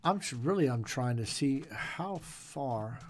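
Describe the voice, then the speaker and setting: A man's voice: medium pitch, lively intonation, slow pace, noisy background. Playful man narrating his gameplay. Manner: jokey, playful, growls pirate noises. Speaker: gaming channel host. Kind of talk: casual gameplay commentary.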